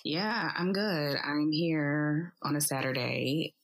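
Low, husky woman, hesitant. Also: slow pace, rough recording. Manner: hesitant and musing, with many likes and restarts. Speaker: podcast co-host. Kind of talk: casual podcast chat. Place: her bedroom.

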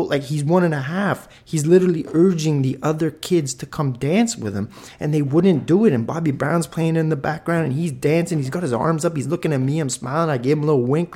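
A man in his thirties hosting a solo podcast, telling a rambling story with excitement and swearing freely. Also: a little high, fairly quick. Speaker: podcast host.

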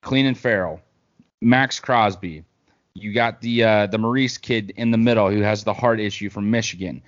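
A man's voice: on the low side, normal speed, dull audio. A man co-hosting a casual sports talk show, rambling through football picks with plenty of fillers. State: hiccups. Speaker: podcast co-host.

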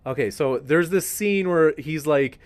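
Male live-stream host, enthusiastic and rambling, fairly high voice. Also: unhurried. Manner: enthusiastic, rambling, addresses viewers as folks. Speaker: debate show host.

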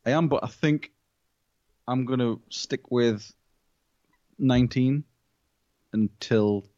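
A man's voice: mid-range voice, slow pace, dark tone, no echo, dull audio. A man co-hosting a podcast in casual chat, laid-back with short replies. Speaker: podcast co-host.

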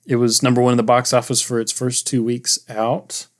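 A man's voice: medium pitch, little pitch movement, moderate pace. A man co-hosting a movie podcast, casually reading out film facts and laughing often. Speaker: podcast co-host.

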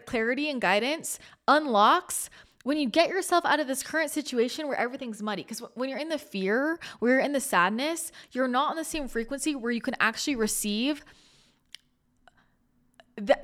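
A woman hosting a spiritual podcast, chatting casually in a rambling, animated way, full of restarts, laughter and casual swearing. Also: high-pitched. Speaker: spiritual channeler and podcast host.

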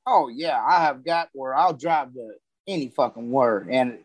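A man's voice: mid-range voice, unhurried, dry recording. A man telling profane, rambling stories about travel and his wife in casual chat. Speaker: comedian guest.

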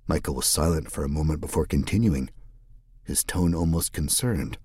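Deep husky male narrator. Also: moderate pace, darkish tone, dry recording, studio quality. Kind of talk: scripted audiobook narration.

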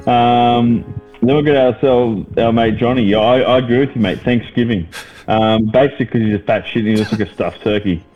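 A man's voice: medium pitch, fairly quick, muffled recording, faint music behind. A man co-hosting a podcast, rambling with lots of fillers and swearing as he ribs his mates. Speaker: podcast co-host. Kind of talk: casual banter.

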